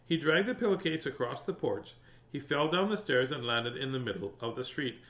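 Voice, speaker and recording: A man hosting a storytime speaks briskly in a mid-range voice, reading a picture book and chatting with his viewers. He's animated and chatty, greeting the audience, in a recording with a roomy echo.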